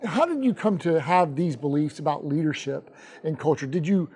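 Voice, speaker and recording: A man's voice: fairly high pitch, expressive, moderate pace, dark tone, breathy edge. A man hosting a podcast, asking interview questions and keeping the talk going with frequent affirming murmurs. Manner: engaged, frequent affirming backchannels. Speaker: podcast host.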